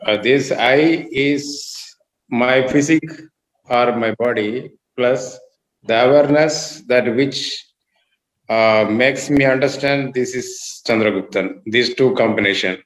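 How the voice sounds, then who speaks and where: A man taking part in a video call, answering slowly and searching for his words. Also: medium pitch, reverberant, poor audio. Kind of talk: answering a question.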